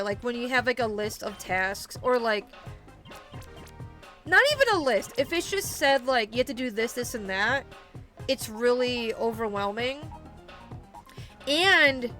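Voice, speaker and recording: A woman's voice: a little high, expressive, unhurried, a bit bright. Rambling young woman streamer, faint music behind. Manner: rambling, many fillers and restarts, talks to chat. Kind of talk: casual live-stream chat while gaming.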